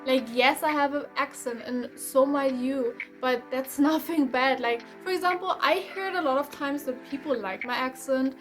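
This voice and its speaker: Young woman, German accent, high voice, chatty tarot reading, soft music behind. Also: normal speed, hardly any pauses. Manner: chatty and rambling, with frequent restarts and light laughs. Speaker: tarot reader. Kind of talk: casual tarot reading to camera.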